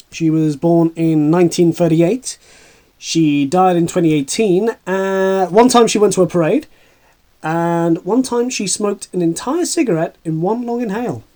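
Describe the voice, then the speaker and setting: A man acting as a bitter, washed-up male horse celebrity, talking in a sardonic, rambling way with stammering asides. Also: high-pitched. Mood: sardonic, hollow. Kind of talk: comedic dramatic monologue.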